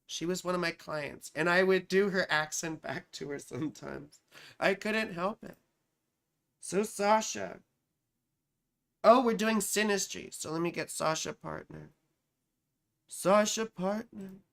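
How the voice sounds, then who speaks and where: This lowish female voice runs a little slow and carries vocal fry. She's an astrologer hosting a live stream, casually going through viewer comments. She jokes, teases, swears freely, and makes herself the butt of her own jokes.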